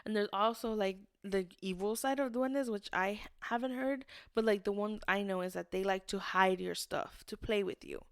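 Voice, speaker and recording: A woman's voice: mid-range voice, moderate pace, few pauses, clean tone, no room sound, clean studio sound. A young adult woman co-hosting a podcast in casual chat, telling stories and acting out what people said. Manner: rambling storyteller, acts out quotes. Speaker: podcast co-host.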